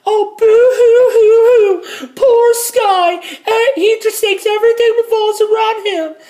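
A man faking a shrill, mocking stepmother. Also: fairly even intonation, slow pace, mellow. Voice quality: shrill falsetto. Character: mocking sneering stepmother, adult woman.

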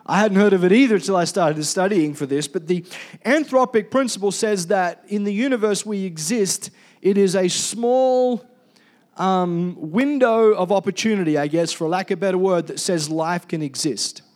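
A man preaching a sermon as pastor, animated and calling on the congregation to respond. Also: high-pitched, normal speed.

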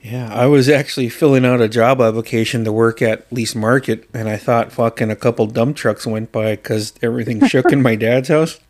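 A man's voice: mid-range voice, fairly even intonation, brisk, hardly any pauses. Swearing, laughing man telling stories. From southeast Alaska. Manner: swears freely, acts out quotes loudly, laughs often. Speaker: podcast co-host. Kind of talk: casual storytelling chat.

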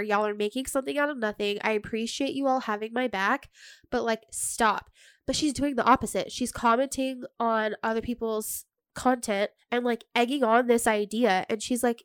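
A young woman co-hosting a podcast in casual chat, talking fast with lots of "like" and swearing. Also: fairly high pitch, clear, resonant tone, no echo, studio quality. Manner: chatty, heavy "like" filler, swearing. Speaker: podcast co-host.

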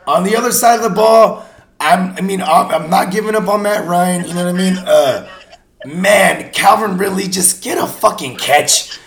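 A man hosting a casual sports podcast, animated and slangy, swearing freely and talking himself into little comic bits. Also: sits high, moderate pace, vocal fry, roomy sound. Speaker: podcast host.

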